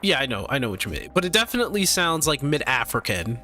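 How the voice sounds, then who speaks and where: A man's voice: mid-range voice, big pitch swings, quick pace, sharp tone, faint music behind. A man streaming live, chatting casually and animatedly with his viewers, laughing often and tripping over his words.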